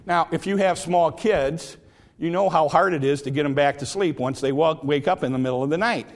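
A male pastor preaching a sermon, retelling a parable with lively storytelling and repeated emphasis. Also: fairly high pitch, brisk. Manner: animated storytelling, repetitive emphasis.

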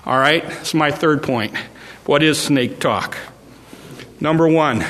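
A man delivers a sermon from a church pulpit, his voice pitched high and ringing bright. He drives his points home through repetition and climbs into forceful warnings, while a long reverb trails each phrase around the sanctuary. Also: a little slow, pauses often. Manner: repetitive preaching cadence, rising to emphatic warnings. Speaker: pastor.

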